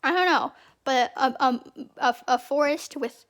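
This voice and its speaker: Young woman, high voice, chatty rambling fan commentary, repeats herself. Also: unhurried, a bit bright. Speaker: channel host.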